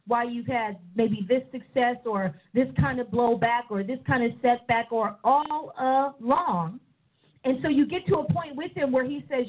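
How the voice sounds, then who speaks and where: A woman preaching a sermon with animated delivery. She slips into other people's voices to act them out. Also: sits high, normal speed, breathy edge. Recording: tinny phone-like sound.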